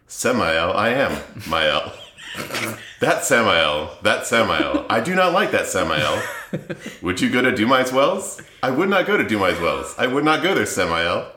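Man doing a storybook villain, sing-song rhymes, low voice, roomy echo. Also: sing-song, unhurried, pushed and bright, slight background noise, full character voice. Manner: sing-song rhyming read-aloud. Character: villain narrating a rhyming children's book.

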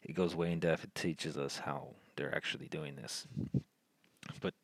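A man's voice: extremely low pitch, steady tone, normal speed, gravelly, slightly rough, no room sound, low-quality recording. A man hosting his own podcast, talking alone in a rambling way with frequent restarts. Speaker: podcast host. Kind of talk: solo political podcast monologue.

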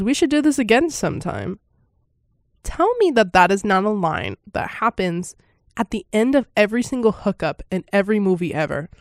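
Woman vlogger, rambling reaction talk full of fillers and laughs, mid-pitched, dry close sound. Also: no room sound. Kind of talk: casual first-reaction commentary.

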